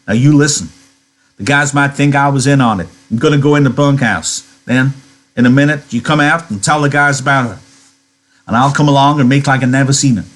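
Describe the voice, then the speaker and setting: A man's voice: medium pitch, brisk, pitched above the performer's own voice, close to an everyday voice. A male teacher reading aloud, voicing a worried young ranch worker who gives urgent, clipped orders.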